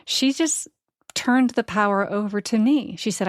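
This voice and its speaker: A woman's voice: medium pitch, a little slow, no room sound, clean studio sound. Earnest woman telling a personal story. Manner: earnest, reflective, frequent "right?" asides and laughs. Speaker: podcast host.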